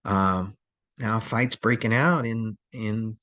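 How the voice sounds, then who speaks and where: A man's voice: lowish voice, slow pace, sharp tone. A man teaching a crisis response training lecture in a rambling, conversational way, with many fillers and restarts.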